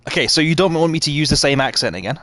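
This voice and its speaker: Lively chatty male game streamer. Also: on the high side, rapid-fire, dry recording. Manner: chatty, reads out and answers viewers while playing. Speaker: livestreamer playing a game. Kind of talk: casual live-stream chat.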